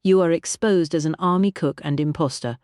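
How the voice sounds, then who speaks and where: A woman's voice: low voice, a little fast, a little mellow, dry recording, studio quality, natural voice. A woman voicing a stout, self-important manservant who speaks formally and with drama. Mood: dramatic.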